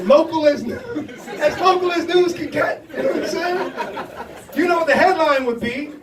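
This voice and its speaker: A man's voice: extremely high pitch, measured pace. A young man doing a loose, profane stand-up set, laughing at his own jokes. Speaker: stand-up comedian. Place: comedy club stage. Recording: echoey club room from a distance, audience noise. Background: crowd laughter and reactions.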